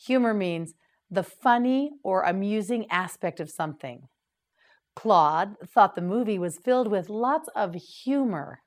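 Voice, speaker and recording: A woman teaching English vocabulary to beginners, repeating each word slowly and clearly with patient prompts. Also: medium pitch, animated. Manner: patient, clearly enunciated repetition. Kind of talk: slow vocabulary drill for beginners.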